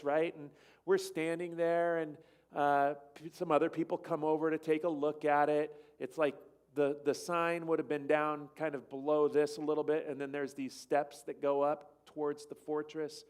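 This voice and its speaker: A man with a slightly high voice tells a travel story to a church gathering over slides. He rambles from point to point and slips into the voices of the people he quotes. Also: little pitch movement, normal speed, darkish tone, clean tone. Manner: rambling, acts out quoted dialogue. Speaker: church speaker.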